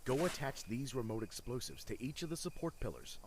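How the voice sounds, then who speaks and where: A man's voice: mid-range voice, very animated, brisk, heavy background noise, close to an everyday voice. An actor playing an earnest townsman in a game who formally explains a mission. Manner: formal, expository. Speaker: game character giving a quest. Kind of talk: voiced game dialogue.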